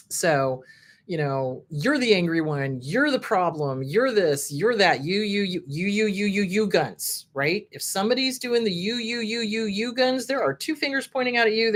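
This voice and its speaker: A middle-aged woman therapist hosting a casual advice talk, frankly riffing on a list she reads out. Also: on the low side. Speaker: host, therapist.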